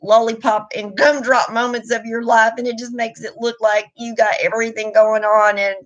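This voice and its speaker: A woman's voice: a little high, little pitch movement, normal speed, muffled recording. A middle-aged woman, talking openly and emotionally in a rambling live stream chat. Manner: candid, emotional, rambling with restarts. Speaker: vlogger.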